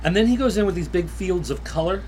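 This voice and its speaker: A man co-hosting a comic book chat, quick with wry, joking remarks. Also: sits high, expressive, a little mellow, slight background noise, poor audio. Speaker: comic book podcast co-host. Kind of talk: casual chat.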